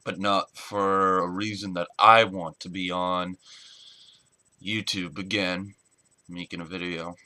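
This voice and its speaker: Young male vlogger, earnest and halting, lowish voice, dry close sound. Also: little pitch movement, pushed and bright, dry recording. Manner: earnest, halting, searching for words. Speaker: wrestling fan vlogger. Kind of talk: casual spoken tribute vlog.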